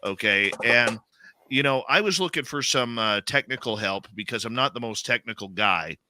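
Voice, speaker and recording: A man's voice: mid-range voice, moderate pace, sharp tone, no room sound. A man with a Canadian accent, hosting a live radio talk show in a rambling, conversational way, full of fillers and restarts. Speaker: radio host.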